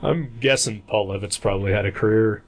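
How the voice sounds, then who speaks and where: A man's voice: fairly low pitch, fairly quick. A man co-hosting a casual comics podcast, talking in a rambling, hesitant way with many fillers. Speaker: podcast co-host.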